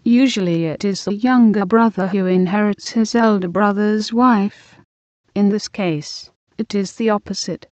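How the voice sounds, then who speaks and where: A woman reading a novel aloud in a measured, deliberate way. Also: mid-range voice, a little mellow, no echo. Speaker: audiobook reader. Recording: dull lo-fi recording.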